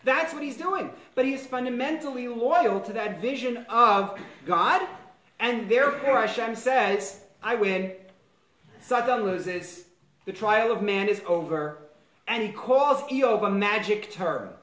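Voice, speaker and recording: A man teaching a class on a biblical book as a rabbi, quoting lines in varied, animated tones. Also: sits high, a little slow, roomy sound, rough recording. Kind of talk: lecture on a biblical text.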